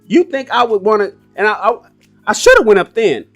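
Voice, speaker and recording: 40s guy hosting a live podcast, kinda high voice, blunt and swears a lot, soft guitar music behind. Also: a little fast. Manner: animated, blunt, profane storytelling. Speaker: podcast host. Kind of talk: casual livestream chat.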